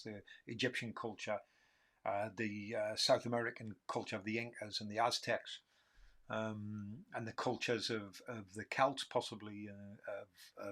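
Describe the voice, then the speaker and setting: A man's voice: fairly low pitch, bright, forceful tone. A man in his fifties with a Geordie accent from Newcastle, hosting a casual livestream Q&A, rambling and joking at his own expense. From Newcastle, England. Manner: rambling, self-mocking, laughs often. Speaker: livestream host answering questions.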